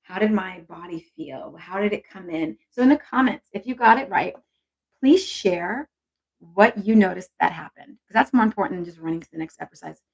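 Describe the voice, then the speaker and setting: A woman's voice: medium pitch, animated, normal speed, breathy edge, low-quality recording. A woman hosting a casual live stream on intuition, chatty and encouraging as she reads viewer comments aloud.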